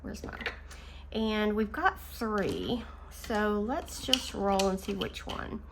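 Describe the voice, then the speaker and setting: A woman hosting a casual budgeting video, chatting and counting her savings out loud, easily amused. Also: mid-range voice, animated, slow. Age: adult. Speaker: budgeting channel host. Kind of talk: casual chat while scratching savings challenges. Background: faint engine noise from a utility vehicle outside.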